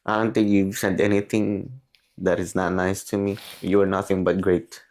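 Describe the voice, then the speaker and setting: A man with a Filipino accent, speaking haltingly and tearfully about his feelings. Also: sits low, flat delivery, darkish tone. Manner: halting, tearful, searching for words. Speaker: podcast host. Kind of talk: emotional confessional talk.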